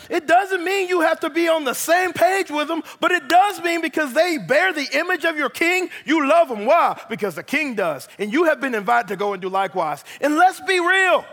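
Pastor, man in his thirties, very high voice, lively teasing sermon in a long-reverb church hall. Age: 30s. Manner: animated preacher, acts out dialogue with God, teasing asides.

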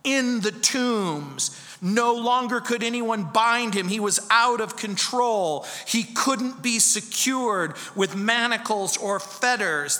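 A pastor in his fifties preaching a sermon, telling a story dramatically and dropping from loud to hushed. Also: high-pitched. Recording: reverberant hall.

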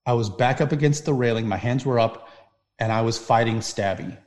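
Podcast guest, male, mid pitch, intense storyteller, swings from hushed to loud. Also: brisk. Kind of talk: personal storytelling in conversation.

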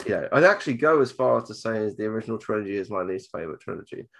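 A man from southern England co-hosts a casual podcast in a lowish, gravelly, a bit bright voice, animated and very fast. Chatty and jokey, he tends to restart his sentences, repeating himself as he does.

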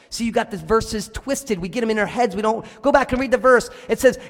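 A man preaches to his congregation, pressing his points home and slowing down to repeat the key lines. His voice sits high for a man. The sound rings with long reverb from the church sanctuary. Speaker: pastor. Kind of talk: sermon. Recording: hall reverb.

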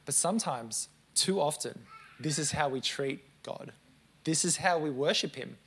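A man in his late twenties preaching a sermon to a congregation, telling stories with lively, self-mocking asides. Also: fairly high pitch, a little slow, slight background noise. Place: church service before a congregation.

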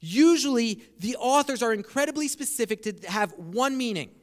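High-voiced preacher in a reverberant hall. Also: male voice, lively intonation. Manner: expository preaching, slows down for emphasis. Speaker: pastor. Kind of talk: sermon.

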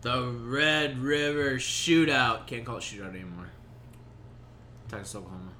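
A man's voice: mid-range voice, moderate pace, sharp tone, a little hiss or hum. A man hosting a podcast in loose, joking casual chat, swearing freely. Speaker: podcast host. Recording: roomy echo.

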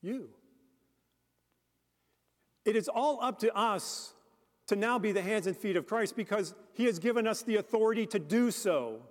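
A man's voice: sits high, animated, moderate pace, pauses often. A man preaching a sermon as a deacon, earnest and speaking directly to the congregation with questions. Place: church. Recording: long church reverb.

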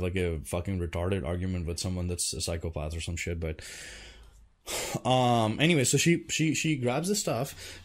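Rambling, profane man telling a story. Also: fairly low pitch. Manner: rambling, profane, full of fillers. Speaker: vlogger. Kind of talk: casual storytelling to camera.

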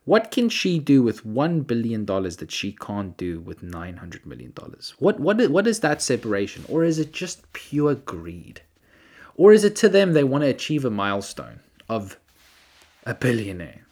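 A man's voice: mid-range voice, huge pitch swings, moderate pace. A man hosting a solo podcast, rambling through incredulous rants with self-deprecating asides. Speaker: podcast host.

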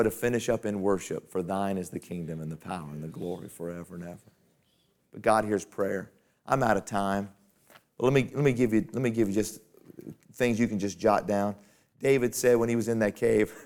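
A man with a mid-range voice preaches a sermon to fellow pastors, keeping it folksy and conversational as it climbs to emphatic peaks.

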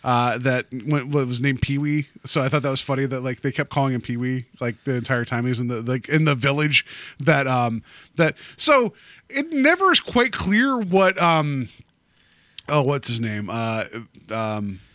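Chatty man with a bright voice. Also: medium pitch, animated, moderate pace, no room sound. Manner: rambling, chatty, lots of "like" and "um". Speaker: podcast host. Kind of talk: casual movie podcast chat.

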